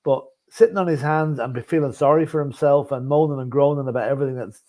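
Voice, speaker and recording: A man's voice: mid-range voice, fast, darkish tone. A man talking football on a casual fan podcast, opinionated and stopping to add "right?" as he makes his points. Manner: opinionated, keeps adding "right?".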